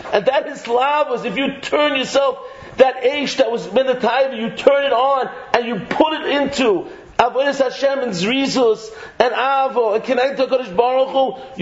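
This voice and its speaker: Animated rabbi, high voice, echoey room. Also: male voice. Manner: animated and joking, mixing Hebrew terms into English, mimics people. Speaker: rabbi giving a Torah class. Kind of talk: lively Torah lecture. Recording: echoey room, slightly dull sound, faint noise.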